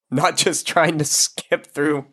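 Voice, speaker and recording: A man's voice: a little high, steady tone, very slow, a bit bright. A man hosting his own podcast, talking casually and candidly in a blunt, frank way that is laced with swearing. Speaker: podcast host. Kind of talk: casual solo podcast monologue.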